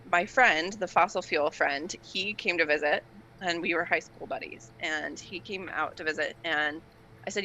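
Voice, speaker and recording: Young woman guest, bright tone, animated storyteller acting out quotes. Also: lowish voice, normal speed, muffled recording, a little hiss or hum. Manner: animated storyteller, laughs often, acts out quotes. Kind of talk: casual chat.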